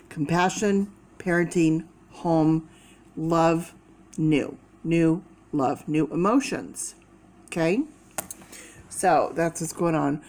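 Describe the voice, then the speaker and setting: Slow-talking woman reading tarot. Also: lowish voice, darkish tone. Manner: slow, chatty, talking to viewers. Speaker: tarot reader.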